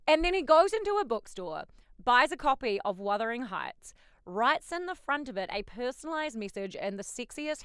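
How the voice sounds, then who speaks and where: Bubbly, bright-voiced woman hosting gossip. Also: a little high, clear, resonant tone, no echo, clean studio sound. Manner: bubbly and cheeky, with sudden loud outbursts. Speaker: host. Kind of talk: pop culture gossip show.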